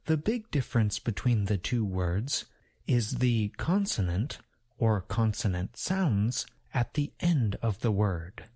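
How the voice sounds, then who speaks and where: Male ESL teacher, very slow and deliberate delivery, animated pitch. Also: no echo, studio quality. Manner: slow, carefully enunciated, drills sounds for repetition. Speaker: pronunciation teacher. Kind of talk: slow scripted lesson.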